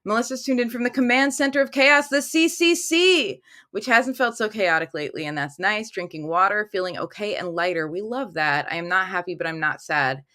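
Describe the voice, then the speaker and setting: A woman's voice: medium pitch, a little fast, hardly any pauses, pushed and bright. A woman hosting a casual tarot livestream from a room at home, talking into her phone, chatty and upbeat as she reads viewer comments aloud.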